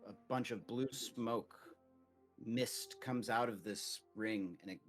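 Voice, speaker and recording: Slow, low-voiced male game master. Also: faint music behind. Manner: casual, rambling, many "like" fillers. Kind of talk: narrating a tabletop game.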